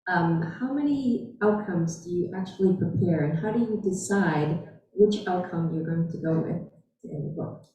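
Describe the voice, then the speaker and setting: A woman in the audience asks a plain, curious question. Her voice is low and mellow. It comes from far off in a very echoey room. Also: normal speed, lo-fi sound. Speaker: audience member. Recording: echoey room, distant mic.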